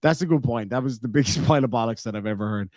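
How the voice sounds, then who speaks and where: A man's voice: medium pitch, very fast, darkish tone, no room sound, clean studio sound. A man with an Irish accent hosting a livestream, reading super chats aloud in a joking, playful way. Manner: joking, playful, laughs often. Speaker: livestream host.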